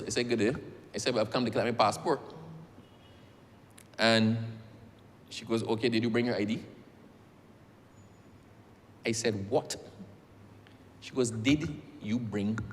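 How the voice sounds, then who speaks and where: A man's voice: medium pitch, a little hiss or hum. A man with a Barbadian accent, a member of parliament telling a story in a parliamentary speech and addressing the chair as sir. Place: large legislative chamber. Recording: long echo of a large chamber.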